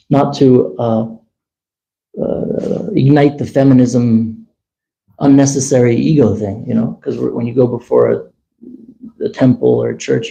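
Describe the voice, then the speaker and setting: A man telling a long personal story at a temple gathering, chatty and animated, acting out the dialogue. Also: medium pitch, creaky, poor audio. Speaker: temple speaker. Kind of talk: casual storytelling talk.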